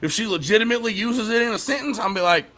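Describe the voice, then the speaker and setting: A man's voice: sits high, lively intonation, rapid-fire, pushed and bright. A man co-hosting a casual talk show, telling loose, laughing stories about his kids, full of cursing. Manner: loose, laughing, profane storytelling. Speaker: podcast co-host. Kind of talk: casual chat.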